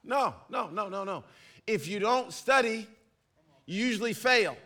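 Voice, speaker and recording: Male pastor, sermon, high voice, very lively delivery, bright tone. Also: unhurried. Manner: animated, acts out little scenes in put-on voices.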